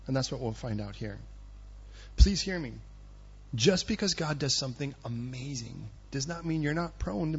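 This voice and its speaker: A man's voice: fairly high pitch, gravelly, husky, muffled recording. A male pastor preaching a sermon in a conversational, punchy way, quizzing his listeners.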